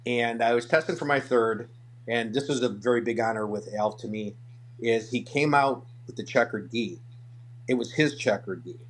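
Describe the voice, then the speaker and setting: Older male interview guest, lively storyteller, restarts and repeats, plain conversational voice. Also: mid-range voice, normal speed. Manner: animated storyteller, acts out quotes, repeats words. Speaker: martial arts guest.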